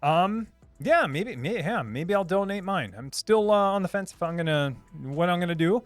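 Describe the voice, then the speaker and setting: A man's voice: high-pitched, expressive, normal speed, dry recording, faint music behind. Upbeat man chatting on a live stream. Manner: upbeat, repeats words, many fillers and restarts, laughs often. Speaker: livestream host reading chat. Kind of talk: casual live chat.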